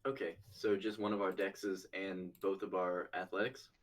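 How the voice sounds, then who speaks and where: A man's voice: low-pitched, little pitch movement, moderate pace. A man playing a tabletop game, curious and asking rules questions. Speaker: player. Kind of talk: casual chat at a game table.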